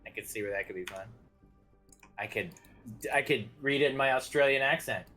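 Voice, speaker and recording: A man's voice: medium pitch, fairly quick, bright, forceful tone, faint music behind. A man chatting casually while playing a game with a friend, rambling with hesitations and jokes. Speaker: fellow player. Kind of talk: casual gameplay chat.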